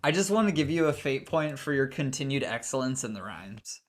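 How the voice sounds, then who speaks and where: A man's voice: medium pitch, very animated, a little fast. Guy game-mastering a tabletop game, laid back, swears a lot, restarts his sentences. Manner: casual, swears, many fillers and restarts.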